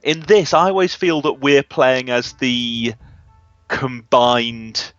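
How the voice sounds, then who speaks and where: A man's voice: mid-range voice, animated, takes it slowly, fairly bright tone, no echo. Man, casual gamer, talks it through thoughtfully; muffled voice chat, faint music behind. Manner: thoughtful, reasons things through at length.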